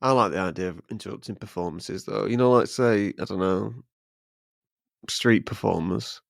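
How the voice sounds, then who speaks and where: A man's voice: on the low side, normal speed, gravelly, no room sound, studio quality. A man co-hosting a podcast in casual, jokey chat, rambling with plenty of fillers. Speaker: podcast co-host.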